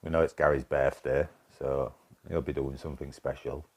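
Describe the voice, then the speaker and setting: Deep-voiced Yorkshire man chatting on stream. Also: level tone, moderate pace. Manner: swears freely, chatty banter with viewers. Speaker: game streamer. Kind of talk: casual live-stream chat.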